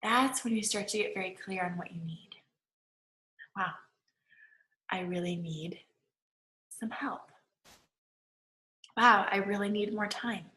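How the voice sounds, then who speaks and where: A woman's voice: medium pitch, takes it slowly, pauses often, pushed and bright, reverberant, rough recording. A woman manifesting coach giving a casual online lecture, chatty and full of "like". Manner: chatty, peppered with "like" and laughs.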